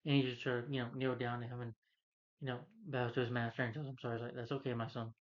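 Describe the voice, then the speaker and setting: A man's voice: medium pitch, flat delivery, racing, muffled recording. A man reviewing a film, casually retelling its plot in a loose, rambling way with plenty of "you know".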